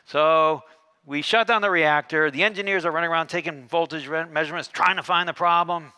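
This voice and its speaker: A man giving a keynote talk on a conference stage, telling a story and acting out the dialogue with lively shifts in tone. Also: fairly high pitch, brisk. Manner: animated, acts out dialogue with shifting tones. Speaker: keynote speaker.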